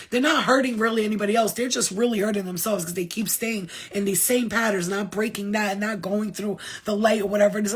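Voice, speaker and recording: A woman's voice: fairly high pitch, breathy edge. A woman who works as a spiritual healer, giving an impassioned, blunt talk to viewers, swearing freely and repeating phrases for emphasis.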